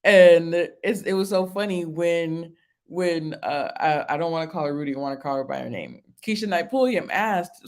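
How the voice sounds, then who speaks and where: Hosting a laid-back reality TV review stream, this woman speaks at normal speed in a fairly low voice. She laughs frequently, answers comments from viewers, and repeats herself for emphasis.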